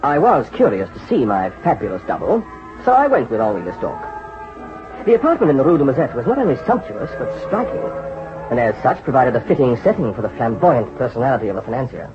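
A man voicing a cautious young bank clerk, polite and hesitant, whose pitch rises and falls freely as he hedges. The dull, muffled sound of an old radio drama recording surrounds him. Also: sing-song, brisk, over music, lightly acted. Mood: narrating. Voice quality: hesitant, polite, full of ums and uhs. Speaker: narrator and hero. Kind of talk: vintage radio drama acting and narration.

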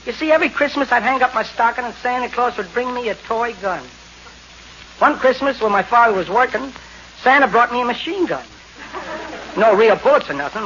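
A man voicing a dim-witted, lazy male stick-up man with a slow, self-pitying drawl, in 1930s radio comedy acting. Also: very high voice, a bit bright, a little hiss or hum. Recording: lo-fi old radio recording.

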